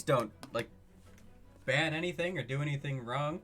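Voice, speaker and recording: A man streaming live, chatting casually with his viewers in an excitable way, laughing often and firing off questions. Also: a little high, normal speed, pauses often, faint music behind.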